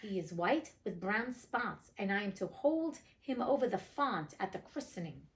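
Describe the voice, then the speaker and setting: A greedy, lying female cat from a storybook, smooth and coaxing as she spins her excuses, read by a woman. She stays cool and offhand even when questioned, with only a slight lift above a plain reading voice. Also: mid-range voice, moderate pace, lightly acted. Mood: sly. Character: sly scheming female cat, greedy liar.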